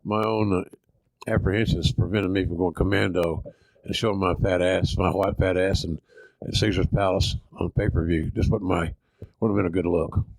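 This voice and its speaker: A man's voice: sits low, steady tone, moderate pace, gravelly, a little mellow, no echo, low-quality recording. An older man with a Southern Oklahoma accent, hosting a podcast and telling stories in a folksy, salty, self-deprecating way. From Oklahoma, USA. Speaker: podcast host. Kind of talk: casual storytelling.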